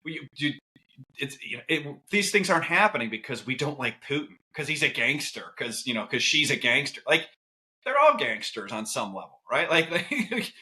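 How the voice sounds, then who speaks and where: Podcast guest guy, bright forceful voice, keeps jumping into asides. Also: medium pitch. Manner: animated, lively storytelling with quick asides. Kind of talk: casual podcast conversation.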